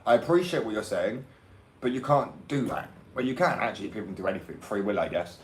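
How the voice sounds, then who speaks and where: A man's voice: lowish voice, expressive, fast talker, poor audio. A young man with an English accent, talking in a brash, rambling casual rant and swearing freely. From England.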